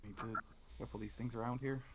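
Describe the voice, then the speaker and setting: A man narrating as game master in a tabletop game, halting with many fillers. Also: medium pitch, steady tone, noisy background.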